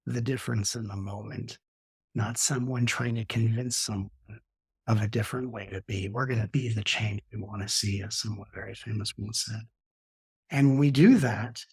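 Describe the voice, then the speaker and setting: Man teaching calmly, slightly husky voice. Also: dry recording, studio quality. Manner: slows down and softens to demonstrate calm breathing; acts out quoted arguments with sudden rises in pitch. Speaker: spiritual teacher, interview guest. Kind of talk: reflective teaching talk.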